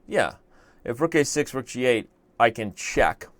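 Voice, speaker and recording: This young man runs a chess show, chatting loosely and reasoning out loud through a puzzle while poking fun at himself in live-stream style. His medium-pitched voice is expressive and unhurried, recorded with no room sound.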